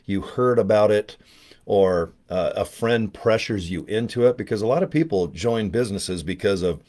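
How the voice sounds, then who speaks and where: A man's voice: lowish voice, expressive, normal speed, darkish tone. An older man talking in a casual, rambling vlog, joking and chatty with a self-deprecating streak. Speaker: network marketing promoter.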